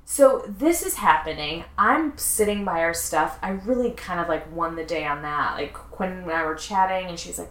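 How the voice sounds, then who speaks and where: A woman's voice: lowish voice, moderate pace, hardly any pauses, a little hiss or hum. Chatty woman in an echoey room. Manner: chatty, storytelling with asides. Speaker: podcast co-host. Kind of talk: casual chat. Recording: roomy echo.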